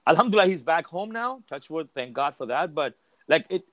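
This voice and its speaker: A man's voice: a little high, animated, brisk, fairly bright tone, dry recording. A man as a podcast guest in casual chat, telling stories candidly, swearing freely and restarting his sentences often.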